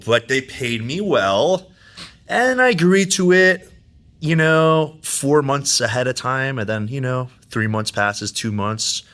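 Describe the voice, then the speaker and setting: This man is a podcast guest in relaxed conversation. His pitch swings widely and his voice has a bright, forceful ring. He laughs often while telling his stories. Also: unhurried. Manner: animated storyteller, laughs often. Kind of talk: casual chat.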